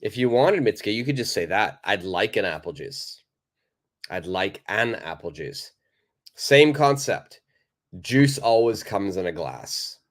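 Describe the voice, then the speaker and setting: Guy teaching english on a livestream, lowish voice, upbeat and emphatic. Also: measured pace. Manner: lively, emphatic explaining, reads viewer comments aloud. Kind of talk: live online English lesson.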